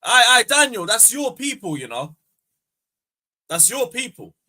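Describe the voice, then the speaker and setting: A young man hosting a fan livestream, bantering loudly, swearing and taunting viewers. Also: extremely high pitch, sing-song, a little slow. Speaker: fan channel host. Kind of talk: casual livestream chat.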